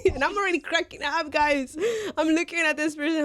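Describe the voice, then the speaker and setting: A woman's voice: high voice, fairly even intonation, brisk, hardly any pauses, dry recording. A woman co-hosting a podcast, telling an embarrassing story in casual chat, laughing often and slipping into Spanish phrases. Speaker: podcast co-host.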